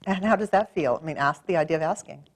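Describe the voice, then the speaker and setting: A woman practitioner gently coaching a client through a tapping session, encouraging and calm. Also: low-pitched, fast.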